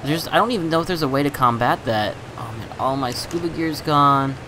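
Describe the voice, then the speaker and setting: A man talks through his game in a loose, chatty way, sighing over his losses and laughing them off. His voice sits in an ordinary middle range. Game sounds and steady noise run underneath him. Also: mid-range voice, brisk. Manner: chatty, exasperated, laughs at own bad luck. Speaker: gaming channel host. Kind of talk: casual gameplay commentary.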